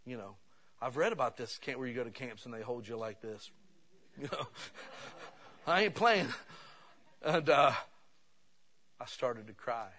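A man preaching a sermon, telling personal stories in an animated way that swings between loud bursts and hushed asides. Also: mid-range voice, normal speed, pauses often.

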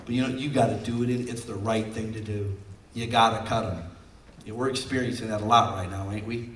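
A man preaching as a pastor, jokey and exhorting, with sudden loud outbursts, heard from off the microphone in a church hall. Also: fairly low pitch, steady tone, a little fast, distant mic, slight background noise. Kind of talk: sermon. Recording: roomy sound from off-mic.

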